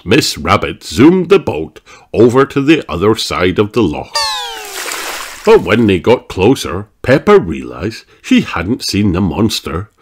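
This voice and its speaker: A man reading a children's picture book aloud, slow and expressive. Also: on the low side, background noise. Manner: slow, expressive, sing-song. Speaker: storybook reader.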